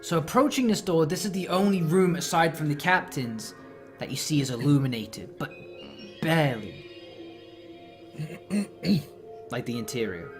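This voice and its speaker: A man's voice: a little high, animated, unhurried, pauses often, faint music behind. Man narrating a horror tabletop game. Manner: loose, filler-heavy narration. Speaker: game master.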